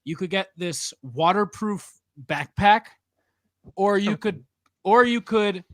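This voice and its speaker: A man's voice: high-pitched, takes it slowly, dry recording. A man hosting a podcast in casual chat, telling a story with energy and acting out the people in it. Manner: animated storyteller, laughs often, acts out other people. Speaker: podcast host.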